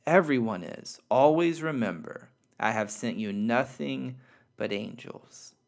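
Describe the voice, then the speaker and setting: A man reading the part of God, speaking a calm, gentle pronouncement. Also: medium pitch, unhurried, vocal fry. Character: calm, kindly male God.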